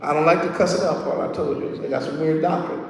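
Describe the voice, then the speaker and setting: A man preaching a sermon in a streetwise, joking way, swinging from soft asides to shouted peaks. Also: fairly high pitch, fairly even intonation, fast, vocal fry. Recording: echoey hall from far off.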